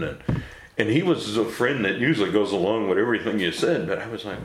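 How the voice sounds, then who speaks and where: A man's voice: lowish voice, animated, fairly quick, roomy sound, background noise. A man recounting his life story in a casual interview, blunt and laughing often between stories. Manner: blunt, mild swearing. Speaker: interview guest.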